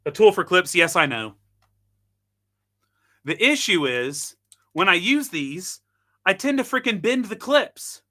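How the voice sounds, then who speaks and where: A man's voice: high-pitched, animated, takes it slowly, pauses often, bright, forceful tone. A man hosting a casual live product demo, chatting and thinking aloud while he tinkers, with self-deprecating asides. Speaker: host.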